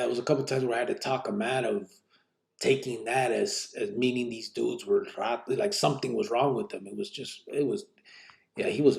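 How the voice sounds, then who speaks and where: A man hosting a live podcast, reading listener questions and telling stories in relaxed street slang sprinkled with Spanish words. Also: medium pitch, creaky. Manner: reads out listener questions and answers them. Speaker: podcast host. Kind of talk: live podcast, casual storytelling.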